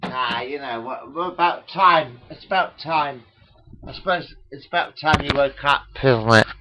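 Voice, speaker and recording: Slow-talking upset man in his forties. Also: mid-range voice, bright, forceful tone, highs cut off, slight background noise. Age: 40s. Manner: slow, repetitive, asks the viewer questions. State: upset and shocked. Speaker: webcam vlogger. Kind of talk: rambling webcam monologue. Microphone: webcam microphone.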